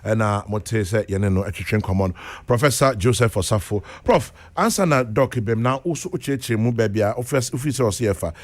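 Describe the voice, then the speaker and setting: A Ghanaian man hosting a morning radio discussion, briskly introducing guests and giving frequent short affirmations. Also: lowish voice, dry recording. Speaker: radio host. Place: radio studio.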